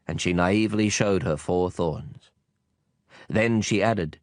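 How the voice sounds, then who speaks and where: A man reading an audiobook in a calm, storytelling manner. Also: sits low, slow, no echo, studio quality. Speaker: audiobook narrator.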